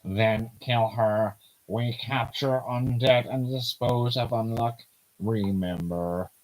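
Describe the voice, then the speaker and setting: A man putting on a cold robot that speaks very slowly and flatly, every word clipped and unfeeling. It stays close to the reader's own pitch. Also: close to an everyday voice, rough recording. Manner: slow, flat and clipped.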